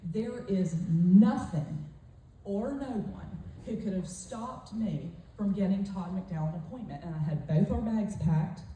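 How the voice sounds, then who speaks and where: A woman's voice: mid-range voice, unhurried, mellow, far from the mic. A woman gives a forthright, emphatic motivational talk, telling a story to a retreat audience. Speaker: motivational speaker at a sales retreat. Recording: echoey hall, voice off-mic.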